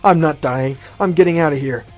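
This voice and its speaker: Defiant swearing male villain, higher and louder, a man reads it. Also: a little fast, faint music behind, natural voice.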